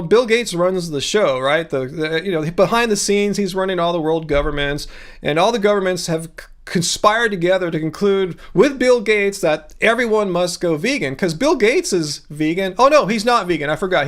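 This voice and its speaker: A man chatting through a livestream, answering viewers with deadpan sarcasm and frequent halting restarts. His voice sits high for a man, and he talks casually with no scripted polish. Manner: sarcastic, deadpan mock agreement. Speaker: livestream host.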